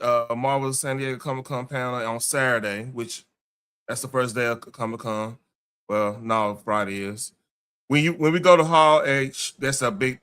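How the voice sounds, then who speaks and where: A man's voice: mid-range voice, fairly bright tone, clean tone. A man hosting a casual podcast, chatting loosely with slangy phrasing and frequent restarts. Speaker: podcast host. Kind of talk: casual chat.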